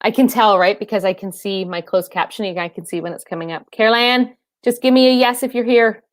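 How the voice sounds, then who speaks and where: A woman's voice: medium pitch, a little fast, no room sound, studio quality. A woman fitness trainer hosting a casual live stream, chatting and laughing with viewers and calling them by name.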